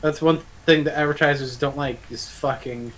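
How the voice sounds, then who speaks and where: A man's voice: on the high side, fairly even intonation, moderate pace, fairly bright tone, rough recording. A man joining a stream over a voice call, chatting casually with crude jokes and a habit of arguing his point. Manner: crude, joking, argumentative. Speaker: guest co-host on a stream.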